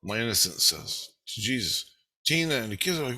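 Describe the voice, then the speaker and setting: A man recounts a vivid dream in a loose, profane monologue, acting out each quoted voice as he goes. His pitch leaps around constantly, and his tone is bright and forceful. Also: expressive, brisk. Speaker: vlogger. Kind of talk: casual storytelling monologue.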